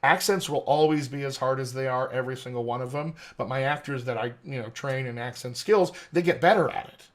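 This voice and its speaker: Guy accent coach on a podcast, explains stuff like a teacher, lots of "you know", mid pitch. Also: a little fast, hardly any pauses. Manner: articulate, teacherly, many "you know" fillers. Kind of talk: explanatory interview talk. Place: podcast studio.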